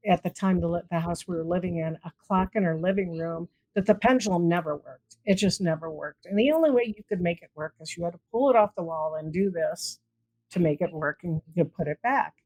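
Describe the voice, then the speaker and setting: This paranormal investigator, a woman with a fairly low voice, talks briskly as an interview guest. Her casual stories come alive as she animatedly performs the dialogue. The audio is poor but free of echo.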